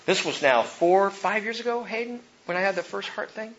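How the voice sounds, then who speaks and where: A middle-aged male pastor preaching a sermon, swinging between hushed and emphatic delivery. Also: high voice, lively intonation, brisk, dull audio, a little hiss or hum.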